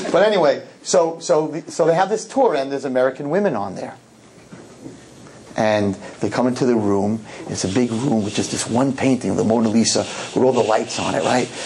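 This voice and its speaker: Animated joking man addressing an audience. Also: mid-range voice, a little hiss or hum. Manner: animated, joking, rapid-fire asides and repetitions. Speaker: rabbi giving a public talk. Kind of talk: humorous storytelling talk to a live audience. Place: hall with a live audience.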